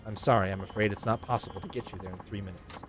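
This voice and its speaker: A man reading game lines aloud, voicing a calm, polite taxi driver who speaks low and measured. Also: slight background noise, close to an everyday voice. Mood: stoic.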